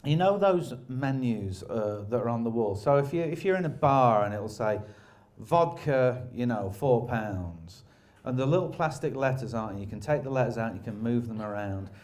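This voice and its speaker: A man's voice: medium pitch, lively intonation, normal speed, few pauses, a little mellow. A man telling rambling, self-deprecating stories in casual chat, laughing often.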